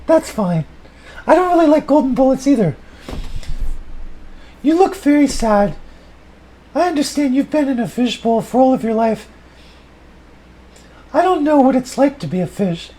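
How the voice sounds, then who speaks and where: A kindly, soft-spoken woman with a high, gentle, soothing voice, as a man puts her on in an improvised comedy bit. She talks calmly and warmly, well above the performer's own register. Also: normal speed, pauses often, low-quality recording.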